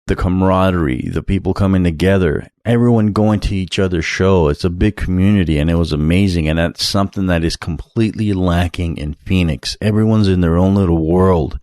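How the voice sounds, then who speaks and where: A man's voice: low voice, brisk, hardly any pauses, darkish tone, no echo, clean studio sound. A man hosting a casual solo podcast, talking bluntly and swearing freely, rambling with many fillers and restarts. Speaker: podcast host.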